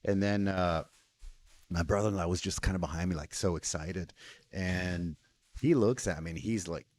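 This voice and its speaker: A male podcast host with a very low voice talks in a loose, laid-back way. He rambles through a funny story and drops in quoted lines of what people said. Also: moderate pace, darkish tone, dry recording. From lives in Taiwan. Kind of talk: casual chat, storytelling.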